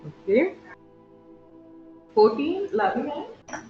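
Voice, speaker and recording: A game master narrating a tabletop game with vivid, halting description, full of fillers and restarts. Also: high voice, very animated. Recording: roomy, dull sound, faint music.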